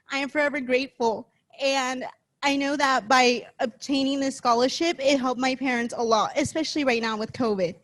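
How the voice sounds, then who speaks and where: A woman's voice: high-pitched, fairly even intonation, a little fast, fairly bright tone. A young woman in her twenties, a scholarship recipient, giving a chatty, heartfelt thank-you speech at a banquet, close to tears. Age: 20s. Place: banquet event.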